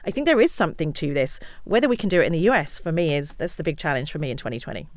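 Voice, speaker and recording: A woman, a misinformation researcher, talking as a podcast guest, lively and often acting out other people's words. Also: low voice, racing, no echo, clean studio sound. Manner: animated, acts out quotes of others. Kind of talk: podcast conversation.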